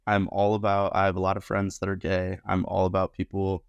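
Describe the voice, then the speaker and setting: Młody mężczyzna z niskim głosem, ożywiony gawędziarz, suche nagranie z bliska. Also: male voice, fairly quick, creaky, clean tone, dry recording, dull audio. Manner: animated, acts out quotes in higher voices. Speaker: podcast guest, bartender. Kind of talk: casual storytelling.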